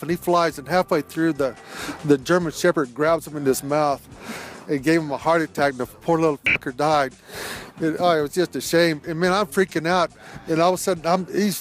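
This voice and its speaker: A man's voice: on the high side, slight background noise. A middle-aged man telling a rambling, profane personal anecdote in a laid-back way. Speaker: storyteller. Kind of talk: recorded anecdote.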